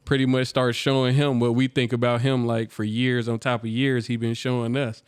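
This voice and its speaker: A man's voice: medium pitch, level tone, normal speed, smooth, no room sound, clean studio sound. A man hosting a podcast in casual chat, loose and slangy, laughing often. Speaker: podcast host.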